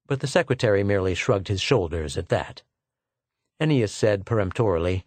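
Steady male audiobook narrator, dry sound. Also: on the low side, a little fast, dry recording. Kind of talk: scripted narration with dialogue voices.

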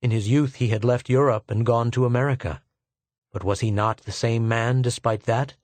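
Measured male audiobook narrator. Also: medium pitch, no echo. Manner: measured, steady storytelling. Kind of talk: scripted narration.

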